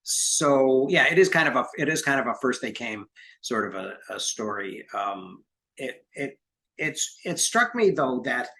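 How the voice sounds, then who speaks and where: A man hosting a book club discussion, talking in a rambling, halting way with many restarts. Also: mid-range voice, very animated, creaky, bright, forceful tone, low-quality recording. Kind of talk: casual discussion.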